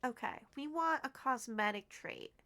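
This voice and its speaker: A woman live-streaming a game, chatting casually with viewers and gushing with excitement over what she finds. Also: high-pitched, normal speed. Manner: excitable, gushing and squealing with delight; chatty, addresses viewers as sweethearts.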